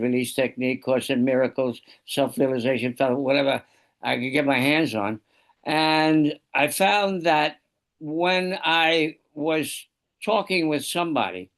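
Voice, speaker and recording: A man's voice: on the high side, a bit bright. An older man sharing a reflective personal story in a study group on a video call.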